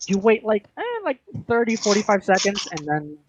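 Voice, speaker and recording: A man's voice: high-pitched, moderate pace, lo-fi sound, background noise. A man narrating a tabletop game as game master in a casual, rambling way with many filler words.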